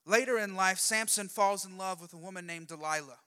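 Man, preacher, high and bright, chatty and jokey storyteller, long hall reverb. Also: brisk, smooth. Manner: lively, conversational, jokey. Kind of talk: sermon storytelling.

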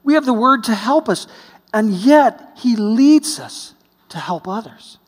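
A man from the United States preaching a sermon, telling a story, swinging between hushed and exclaiming. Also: very high-pitched, expressive, measured pace. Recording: long hall reverb.

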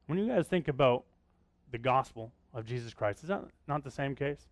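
A man's voice: medium pitch, animated, normal speed, no room sound. A man preaching a sermon as pastor, talking conversationally and often asking the congregation questions.

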